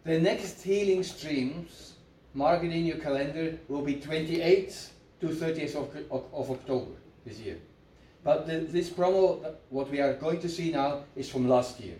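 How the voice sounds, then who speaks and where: A man's voice: on the high side, unhurried, warm tone, a little hiss or hum. A man preaching a sermon, repeating his points for emphasis and leading the congregation in call-and-response. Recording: echoey room, mic at a distance.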